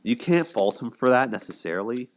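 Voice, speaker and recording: A man's voice: medium pitch, expressive, fairly quick. A man casually talking through a TV relationship, full of fillers, paraphrasing scenes in a lightly acted tone. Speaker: video commentator. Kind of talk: casual commentary on a TV show.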